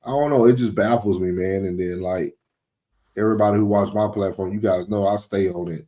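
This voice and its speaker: Host, man, lower voice, easygoing and agreeable. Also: fairly even intonation, fairly quick, warm tone. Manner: agreeable, frequent short affirmations. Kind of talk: casual conversation.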